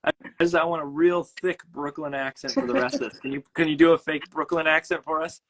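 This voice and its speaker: A man's voice: a little high, expressive, brisk, creaky, crowd noise, rough recording. Rambling Midwestern man hosting a stream. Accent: Midwestern American. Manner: rambling, self-correcting, jokey. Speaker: host. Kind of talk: casual livestream chat.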